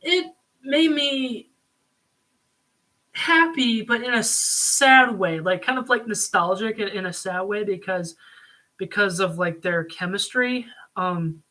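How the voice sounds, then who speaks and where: Man, casual review rant, sharp bright tone, filler-heavy, excitable, at home. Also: high-pitched, measured pace. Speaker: video reviewer. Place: home room.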